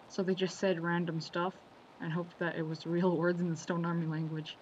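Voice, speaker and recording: A video creator casually talks through a quotes compilation, rambling, losing his train of thought and correcting himself. His slightly high voice has little pitch movement and a normal speed. The lo-fi audio is slightly dull, with faint background noise.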